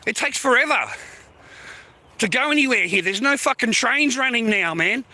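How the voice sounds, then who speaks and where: A man venting on a live stream, cursing freely in a blunt, irritated rant. His voice sits high and sounds sharply bright and forceful. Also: expressive, moderate pace. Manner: angry, heavy swearing, blunt. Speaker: livestreamer.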